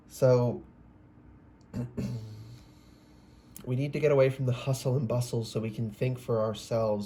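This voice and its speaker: A man's voice: medium pitch, mellow, a little hiss or hum. Rambling man giving a casual tarot reading. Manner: rambling, self-interrupting, swears and exclaims. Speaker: tarot reader.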